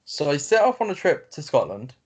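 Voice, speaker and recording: A man's voice: a little high, sing-song, slightly rough. A man, co-hosting a podcast over a video call, reading a story aloud in casual chat with many fillers and restarts. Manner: reads haltingly with fillers and self-corrections. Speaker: podcast co-host reading stories. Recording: lo-fi call audio.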